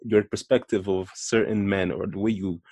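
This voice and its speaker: A man's voice: fairly low pitch, fairly even intonation, moderate pace, darkish tone. A young man on a casual podcast who rants and restarts his sentences often. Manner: stammering restarts, ranting. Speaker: podcast co-host. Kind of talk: casual chat.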